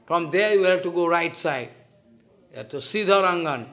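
A man's voice: on the high side, animated, normal speed, a bit bright, faint music behind. A man with an Indian accent, a spiritual teacher telling a devotional story in simple, broken English and acting out the dialogue.

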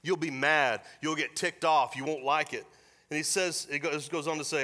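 A middle-aged man preaching a sermon as pastor, animated and mixing scripture with joking asides. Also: fairly high pitch, normal speed. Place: church service.

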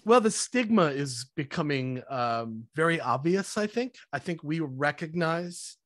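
A man speaking as a podcast guest, energetic and conversational, now and then acting out little scenes in mock voices. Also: a little high, a little slow, no room sound, clean studio sound. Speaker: podcast guest, sales evangelist. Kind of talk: conversational interview.

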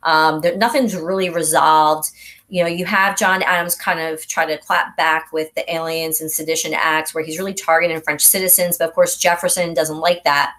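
A woman with a deep, low speaking voice leads a casual review lesson. She explains things in a conversational way, like telling a story, and sometimes acts out short quotes along the way. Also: fairly even intonation, moderate pace, fairly bright tone. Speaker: history teacher.

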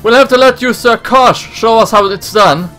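A man's voice: very high voice, normal speed, pushed and bright, faint music behind, pitched above the performer's own voice. A man voicing a fussy, fawning male soldier lackey who speaks with excessive politeness.

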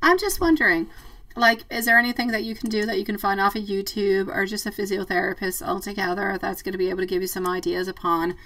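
A woman's voice: medium pitch, fairly even intonation, fast talker, sharp tone, far from the mic, poor audio. A woman doing a live tarot stream, chatting affectionately with viewers, calling them sweetie and laughing often. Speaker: tarot reader. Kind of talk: live-stream chat reading viewer comments.

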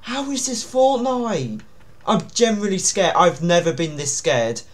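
A man's voice: high-pitched, big pitch swings, unhurried. Jumpy man in horror game commentary. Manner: jumpy, nervous, often pleading to himself. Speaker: gaming YouTuber.

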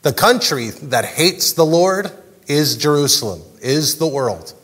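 A man preaching a sermon as pastor, animated and jokey, acting out the characters' lines. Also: on the high side, unhurried, slightly rough, big-room sound. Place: large church hall.

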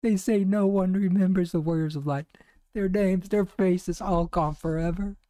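A man's voice: high voice, fairly even intonation, normal speed, dark tone, no echo, close to an everyday voice. A man voicing an earnest, theatrical young woman detective's sidekick, reading game cutscene dialogue aloud with some stumbles.

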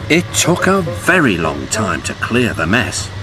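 A man with a British accent, gently and expressively narrating a children's cartoon. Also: fairly low pitch, a little slow. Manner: gentle and expressive, voicing every character himself. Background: background music.

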